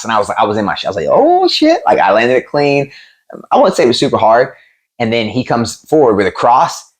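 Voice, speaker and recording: A man in his thirties with a fairly low voice tells rough gym stories from his fighting days. He swears freely and jumps into the voices of the people he quotes. It sounds like a relaxed sit-down interview. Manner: animated, profane, acts out quotes. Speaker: MMA promoter and former fighter, guest. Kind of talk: casual storytelling interview.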